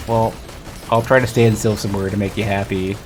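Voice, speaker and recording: A man with a lowish, flat voice speaks briskly while streaming a video game, with background noise audible. His casual chat rambles, and he keeps interrupting himself and starting over.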